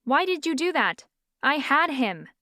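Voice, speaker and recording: A defiant young witch who bristles at every slight, voiced by a woman narrator. Her lines sit a touch higher and snap back quickly. The voice is smooth and dry. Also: animated, fairly bright tone, dry recording. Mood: indignant. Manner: indignant, spluttering. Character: hot-tempered young witch, indignant and defiant.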